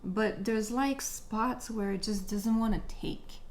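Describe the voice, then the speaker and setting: A woman chatting casually while doing her makeup, telling a story with jokes and animated retelling. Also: mid-range voice, slow. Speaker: beauty vlogger. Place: at home, living room.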